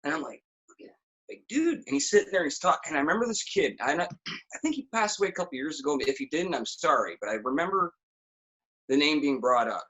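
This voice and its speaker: A man's voice: fairly high pitch, fast, muffled recording. A man as a podcast guest, telling profane stories in casual chat. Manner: animated, profane storytelling.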